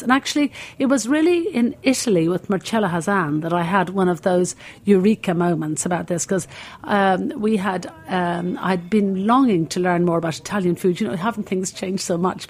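A woman's voice: fairly low pitch, darkish tone. A woman in her sixties with an Irish accent, the founder of a cooking school, telling long stories in a rambling way full of fillers and restarts. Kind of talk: reflective anecdotal storytelling.

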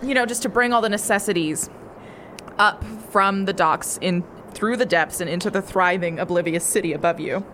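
A woman's voice: lowish voice, moderate pace, fairly bright tone, slight background noise. A woman narrating a tabletop game as game master, rambling with lots of ums and likes. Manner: rambling, many fillers.

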